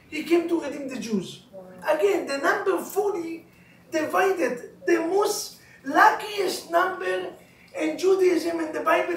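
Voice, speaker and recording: Animated, high-voiced rabbi in an echoey hall. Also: male voice, a little hiss or hum. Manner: animated storyteller, broken English, asks the class questions. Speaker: rabbi teaching a couples class. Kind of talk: lively teaching with jokes. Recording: roomy echo, recorded from far off.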